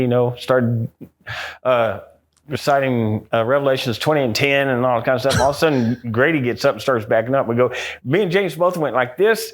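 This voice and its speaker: A middle-aged American man, a guest on an interview, telling a ghost story with lively acted-out quotes. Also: medium pitch, a little fast. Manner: acts out quotes in a raised excited voice.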